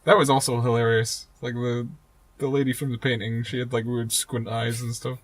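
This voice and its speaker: A young man co-hosting a late-night casual podcast chat in a van, giggly and jokey with loud laughs. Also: mid-range voice, little pitch movement, moderate pace, no room sound. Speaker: podcast co-host. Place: inside a van.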